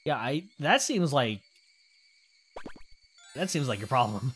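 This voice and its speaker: A woman's voice: very deep voice, animated, slow, faint music behind. A young woman streaming a game, chatting casually and explaining the story in a rambling way. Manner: chatty, rambling, reads game text aloud.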